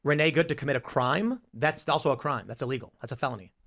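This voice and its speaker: A man hosting a podcast, arguing heatedly in a debate, insistent and quick to interrupt. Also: medium pitch, fairly bright tone. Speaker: podcast host.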